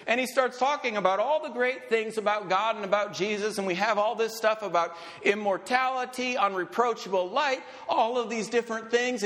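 A man preaching a sermon as a pastor, talking conversationally with rambling asides and getting excited as he goes. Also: high voice, big-room sound.

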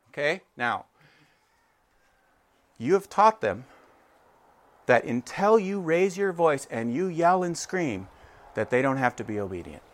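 A man in his forties preaching in an animated, conversational way who keeps checking in with his listeners. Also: medium pitch, moderate pace. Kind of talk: sermon.

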